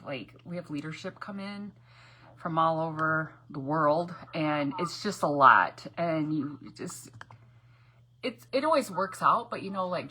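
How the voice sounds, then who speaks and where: A woman hosting a casual crafting livestream from her home craft room, rambling and greeting viewers by name, with hushed asides. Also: lowish voice, husky. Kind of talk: casual live crafting chat.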